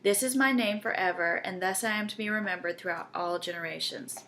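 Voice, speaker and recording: A woman's voice: on the low side, fairly quick, fairly bright tone, slight background noise. A woman, teaching a Bible study in an earnest, conversational way and often checking in with her listeners.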